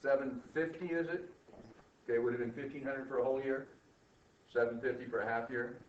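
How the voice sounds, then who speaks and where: An older man teaching an accounting class, quizzing students with quick questions and teasing them. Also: mid-range voice, fairly even intonation. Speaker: accounting professor. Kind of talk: classroom lecture. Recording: distant, roomy, dull lo-fi with faint noise.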